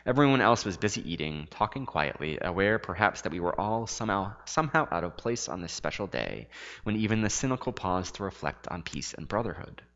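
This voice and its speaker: A man with a deep voice reads a first-person story aloud at a brisk clip, dramatic and expressive, dropping into soft hushed asides. The recording sounds dull and lo-fi, with a long reverb trailing behind him.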